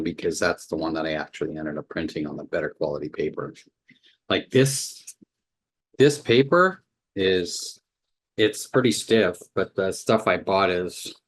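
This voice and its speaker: A man casually showing off his home photo prints, rambling and restarting his sentences, plainly impressed. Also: low voice. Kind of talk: casual home video walkthrough.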